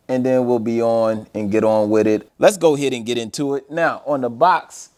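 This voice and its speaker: Man, casual review-vlog host at home, talks straight to his viewers, mid-pitched, easygoing. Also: steady tone, moderate pace, darkish tone. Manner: chatty, addresses viewers directly, frequent "you guys" and "bro". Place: at home, unboxing furniture.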